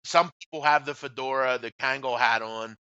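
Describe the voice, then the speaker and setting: A man's voice: mid-range voice, fairly even intonation, moderate pace, sharp tone, clear, resonant tone, no echo, muffled recording. A man co-hosting a casual sports talk show, blunt and trash-talking, often trailing off at the ends of phrases. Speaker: co-host. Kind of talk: casual sports radio banter.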